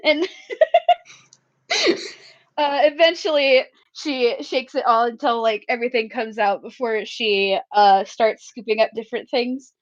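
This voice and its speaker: A woman's voice: on the high side, sing-song, takes it slowly. A woman narrating her character in a casual tabletop roleplay, giggly and rambling. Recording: dull lo-fi recording.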